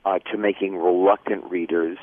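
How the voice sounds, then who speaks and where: A man's voice: low-pitched, fairly even intonation, moderate pace, dry recording. An older man chatting casually as a guest, telling stories and jokes. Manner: chatty, jokey storyteller. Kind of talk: casual chat. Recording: tinny phone line.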